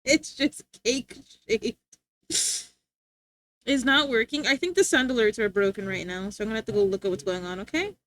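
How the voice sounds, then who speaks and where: A woman's voice: a little high, steady tone, normal speed. A woman streaming live and chatting casually with her chat, playful and teasing, laughing often.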